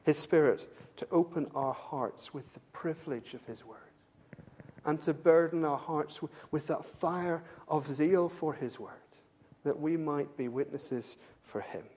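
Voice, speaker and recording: A man's voice: unhurried, a little mellow. An English man preaching a sermon to his congregation, earnest, repeating words as he builds to his point. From England. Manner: earnest, repeats words when stirred, pitch rises with fervor. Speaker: pastor.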